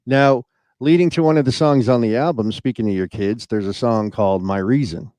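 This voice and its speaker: Man, interview host, casual chat, easygoing, many ums and uhs, mid pitch. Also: fairly quick, mellow.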